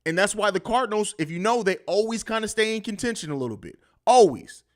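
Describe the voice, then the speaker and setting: High-voiced and animated, he talks fast as he runs a live sports podcast stream, cursing freely and riffing with no filter.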